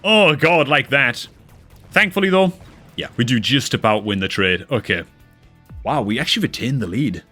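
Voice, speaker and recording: A man casting a replay of a strategy video game, excitable and quick to exclaim, often calling his listeners dude and man. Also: medium pitch, soft background music. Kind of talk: excitable gameplay commentary.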